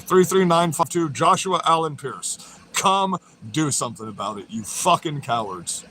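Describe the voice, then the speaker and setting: A man's voice: high voice, bright, forceful tone, slight background noise. A man ranting on a livestream, profane, taunting and confrontational. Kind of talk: livestream rant.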